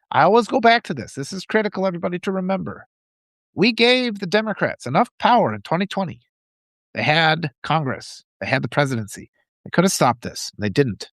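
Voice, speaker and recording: Guy ranting on his livestream, kinda high voice, dead dry sound, keeps repeating stuff for emphasis. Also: dry recording. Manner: fervent, repeats phrases for emphasis. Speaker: livestream host. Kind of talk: impassioned political commentary reading live chat.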